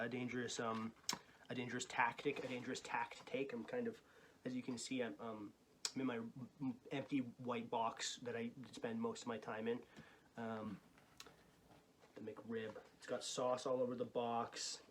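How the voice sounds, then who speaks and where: A man hosts a comedic food review from a small, bare white room, his voice sitting at an ordinary middle pitch. He rambles in mock-grandiose, deadpan tones, trailing off and restarting often. A faint hiss lingers under the camera mic. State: breathless with excitement.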